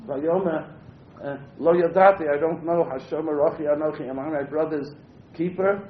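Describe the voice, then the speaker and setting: A man with a somewhat high voice teaches a Torah class, reading verses and then explaining them in English with plenty of "uh" fillers. The sound is roomy and muffled, with a faint low rumble underneath. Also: normal speed. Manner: reads Hebrew verses then translates, frequent "uh" fillers. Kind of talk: text-based Torah class.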